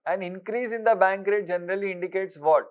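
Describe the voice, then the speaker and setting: A man giving an exam-prep lecture, briskly quizzing listeners with repeated rhetorical questions and mixing with Hindi. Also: sits high. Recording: dull lo-fi recording.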